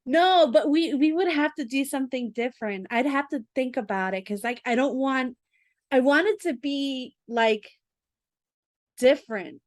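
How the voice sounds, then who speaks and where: A woman with a high voice chats in a bubbly, giggly way and fills her sentences with "like." The sound is dry and close to the mic. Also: normal speed, dry recording. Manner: bubbly, giggly, filler-heavy. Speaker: co-host. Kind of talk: casual planning chat.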